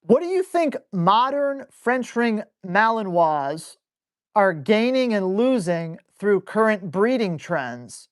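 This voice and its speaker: Answering viewers live through a stream mic, this man is a no-nonsense dog trainer with a high voice and a rough, casual way of talking. He playfully scolds dogs out loud, switching animatedly between brisk speech and drawn-out phrasing.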